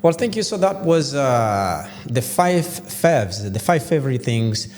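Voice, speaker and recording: A man's voice: mid-range voice, sing-song, measured pace, darkish tone. A man hosting an interview show, asking questions in a casual way and often repeating his words. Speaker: show host. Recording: long room reverb, faint hum.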